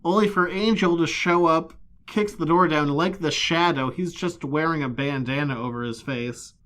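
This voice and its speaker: A man's voice: a little high, moderate pace, a bit bright. A man co-hosting a podcast, recapping comics in casual chat with wry, sarcastic asides. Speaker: podcast co-host.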